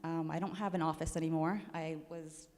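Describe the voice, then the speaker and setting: Animated young woman rancher, echoey hall. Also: deep voice, a little fast. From Navajo Nation. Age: young adult. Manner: animated, emotional, laughing often. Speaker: rancher speaking at a panel. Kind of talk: casual public comments.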